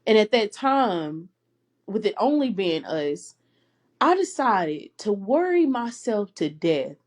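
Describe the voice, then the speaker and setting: A woman's voice: medium pitch, big pitch swings, takes it slowly. A young woman hosting a personal faith podcast, speaking earnestly and emotionally and laughing between phrases. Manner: emotional, close to tears at times. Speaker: podcast host.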